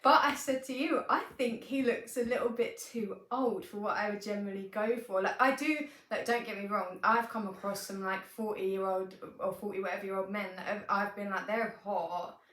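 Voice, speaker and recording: A woman's voice: medium pitch, steady tone, normal speed, hardly any pauses, a bit bright. A young adult woman co-hosting a podcast, telling a story in casual chat full of "like" and small laughs. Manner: storytelling, filler-heavy "like", laughs. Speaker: podcast co-host. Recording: echoey room.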